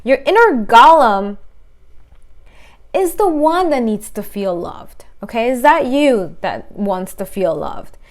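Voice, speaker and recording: A woman's voice: on the high side, very animated, unhurried, few pauses, darkish tone. Blunt emphatic woman coach. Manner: blunt and emphatic, acts out quoted voices. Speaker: relationship coach. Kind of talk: direct-to-camera advice talk.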